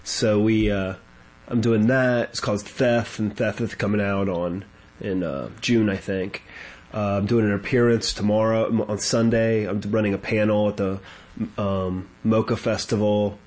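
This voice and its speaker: A man's voice: lowish voice, fairly even intonation, unhurried, a little mellow. A man guesting on a podcast, chatting casually and hesitantly about his work. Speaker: guest, comics artist.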